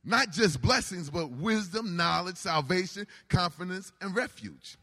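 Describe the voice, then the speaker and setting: A man preaching a sermon in a call-and-response style, building to shouts. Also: high-pitched, measured pace, few pauses. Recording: reverberant hall.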